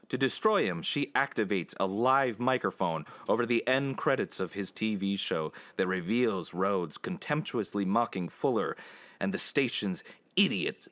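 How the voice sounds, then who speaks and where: A man's voice: sits low, fairly bright tone. A man casually recapping an old film's plot for his co-hosts, rambling with restarts and frequent laughs. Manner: rambling, laughs often, puts on quick voices for quotes. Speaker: podcast co-host summarizing a film. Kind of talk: casual chat.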